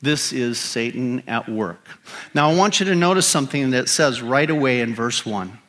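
A pastor preaches a sermon in a mid-range, fairly bright voice with lively intonation at normal speed. He is emphatic and asks the congregation rhetorical questions.

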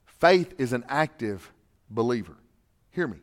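A male pastor preaching a sermon, swinging from quiet, low asides to loud, repeated shouted refrains. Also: normal speed.

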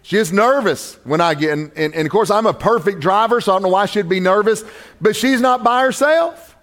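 High-pitched preacher guy, goes quiet then loud, chatty joking stories in between. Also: quick pace. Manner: swings from quiet intimate asides to loud raised preaching; conversational, joking storyteller. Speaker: pastor. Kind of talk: sermon.

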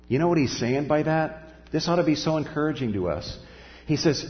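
A man preaching a sermon, earnest and steady, often dropping his voice as he acts out the voices he quotes. His voice trails off in the long reverb of a hall. The sound is dull and muffled. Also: on the high side, moderate pace. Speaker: pastor.

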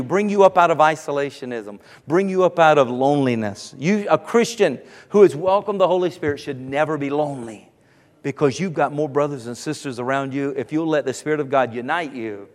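A man preaching a lively sermon in a church. His voice sits high for a man, and it rings with a long hall reverb. He jokes with the people in the pews and builds up to shouts. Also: brisk. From South Carolina. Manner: animated, jokes with the congregation, rises to shouts. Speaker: pastor. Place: church sanctuary.

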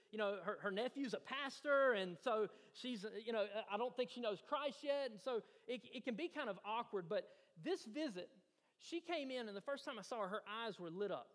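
High-voiced pastor preaching in a hall. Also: male voice, animated, brisk, fairly bright tone. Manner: storytelling, rising to eager emphasis. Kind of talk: sermon. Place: church sanctuary. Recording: church hall reverb.

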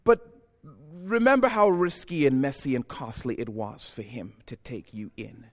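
Impassioned male preacher with lively pitch. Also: moderate pace. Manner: impassioned, swings from quiet to shouted peaks. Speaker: pastor. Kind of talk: sermon. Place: church.

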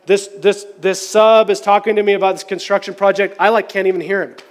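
A man's voice: high-pitched, little pitch movement, fairly quick, big-room sound. A man preaching a sermon, telling a personal story in a candid, conversational, self-deprecating way. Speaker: pastor.

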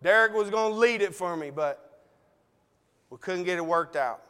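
Male preacher, folksy sermon delivery, smooth clear voice, long hall reverb. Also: high voice, sharp tone. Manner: folksy, conversational preaching with dramatic pauses. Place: church sanctuary.

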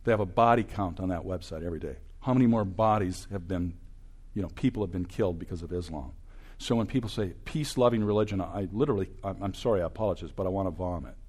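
An older man in his sixties, a campus ministry speaker giving a preaching talk that swings from loud, emphatic bursts to hushed asides. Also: low-pitched, fast, slightly rough.

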